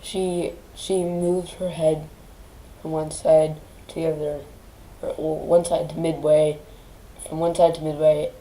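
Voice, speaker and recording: A grieving woman on her vlog, near tears, speaking in halting phrases that restart and trail off. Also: sits low, little pitch movement, dark tone, a little hiss or hum, low-quality recording. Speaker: channel host.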